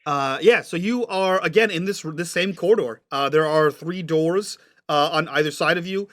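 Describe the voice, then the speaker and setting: A man's voice: a little high, moderate pace, fairly bright tone. A man narrating a tabletop game as game master, describing scenes patiently and checking what the players mean.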